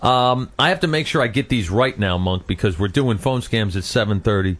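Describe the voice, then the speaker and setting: A man's voice: lowish voice, lively intonation, brisk, fairly bright tone. A man hosting a morning radio show, chatting casually and laughing easily. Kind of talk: casual on-air banter. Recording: radio aircheck with faint hiss.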